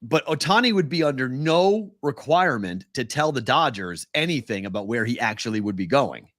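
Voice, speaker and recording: A man co-hosting a sports betting podcast in casual talk, animated and laughing often, sometimes mimicking whiny voices. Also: mid-range voice, fairly quick, dry recording, clean studio sound.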